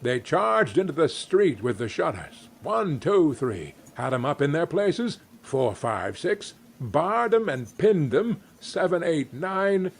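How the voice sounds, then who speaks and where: A man reading a classic story aloud in an expressive, unhurried way with occasional wry asides. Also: a little high, creaky.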